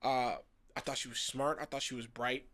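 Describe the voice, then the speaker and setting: A man in his thirties from South Florida, a guest actor telling casual, animated stories full of slang and acted-out quotes. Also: medium pitch, normal speed. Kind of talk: casual storytelling chat.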